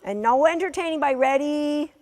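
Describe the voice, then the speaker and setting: A woman instructing a dog training class, giving brisk, matter-of-fact commands to a dog and its handler, sometimes teasing. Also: sits high, a little mellow. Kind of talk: coaching a live training session. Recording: long reverb of a large hall.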